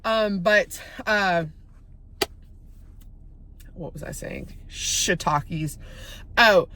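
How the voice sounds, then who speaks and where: Woman, casual vlogger, rambly and chatty, mid pitch, phone recording in a car. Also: very slow, pushed and bright, a little hiss or hum. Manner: chatty, rambling, easily sidetracked. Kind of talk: casual talking vlog.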